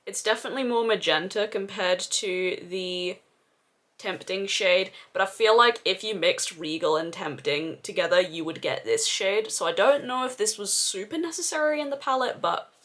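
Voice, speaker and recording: A woman's voice: medium pitch, moderate pace, fairly bright tone. A young woman doing a casual makeup review, gushing and exclaiming with casual swearing. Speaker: beauty vlogger.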